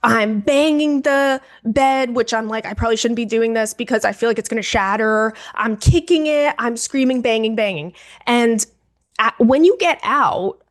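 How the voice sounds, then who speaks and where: Young woman chatting on a podcast, kinda high voice, super animated and dramatic, keeps saying girl. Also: moderate pace. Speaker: podcast co-host. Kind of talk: casual storytelling chat.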